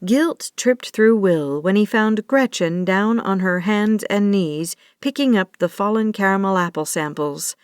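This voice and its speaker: A woman reads an audiobook romance at a slow, measured pace. Her voice is even and steady. The recording is close and dry, with no room sound. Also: mid-range voice, clear, resonant tone, dry recording. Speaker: audiobook narrator. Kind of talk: scripted narration.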